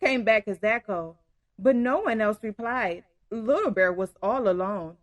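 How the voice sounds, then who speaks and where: Brief: expressive woman reading aloud to kids, dry studio-close sound. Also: medium pitch, a little slow, no echo. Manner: warm, expressive, addresses kids directly. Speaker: storyteller. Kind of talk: reading a picture book aloud to children.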